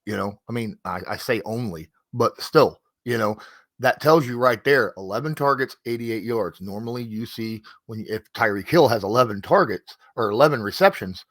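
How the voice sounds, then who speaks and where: Low-voiced podcast host going over stats, dry close sound. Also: male voice, normal speed, a bit bright, no echo. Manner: stat-heavy, conversational. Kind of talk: casual sports talk.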